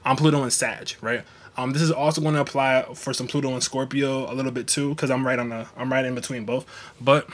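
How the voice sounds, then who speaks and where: A young man, hosting a casual astrology livestream in a blunt, profane, slangy way. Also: on the high side. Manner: blunt, slangy, profane, animated with mocking quoted voices.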